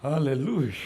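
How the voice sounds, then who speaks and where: A man preaching a sermon, calling out to the congregation, shouting and laughing as he goes. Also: fairly high pitch. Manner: animated preaching with shouts, laughs and call-and-response. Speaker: pastor. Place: church sanctuary.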